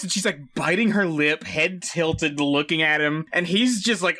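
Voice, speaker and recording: Guy on a movie podcast, super animated, bright sharp voice, swears a lot and does silly voices. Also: on the high side, unhurried, few pauses. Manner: animated, profane, acts out scenes in silly voices. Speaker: podcast co-host. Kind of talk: casual film review chat.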